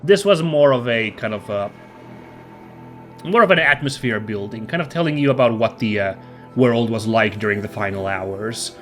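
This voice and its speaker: A man's voice: medium pitch, lively intonation, moderate pace, fairly bright tone, faint music behind. Chatty man with a stuffy nose. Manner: chatty, rambling, upbeat. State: stuffy, slightly nasal from a cold. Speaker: let's play host. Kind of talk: casual gameplay commentary.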